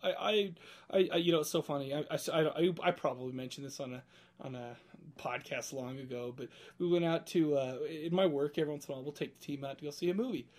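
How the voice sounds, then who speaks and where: Rambling male podcast host, halting casual delivery. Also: a little high. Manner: rambling, halting, laughs often. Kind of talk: casual chat.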